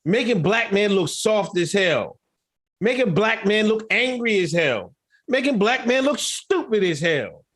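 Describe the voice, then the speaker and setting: A man's voice: high-pitched, very animated, unhurried, fairly bright tone. A man co-hosting a podcast, ranting and mocking in casual, profane commentary. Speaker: podcast co-host.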